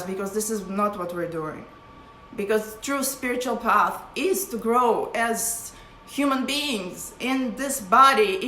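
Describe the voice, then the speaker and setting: A woman's voice: on the high side, sharp tone, slight background noise. A woman giving an impassioned, profane live-stream talk to her followers as a spiritual teacher. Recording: echoey room with faint ambience.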